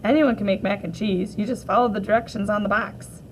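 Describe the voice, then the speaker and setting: A woman teacher reading a graphic novel aloud for children, gently voicing each character in turn. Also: medium pitch, steady tone, brisk, slight background noise, poor audio.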